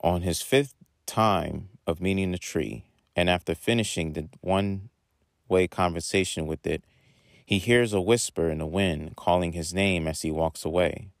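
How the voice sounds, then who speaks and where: A man reading a short story aloud in a plain, unhurried way. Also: sits low, no echo.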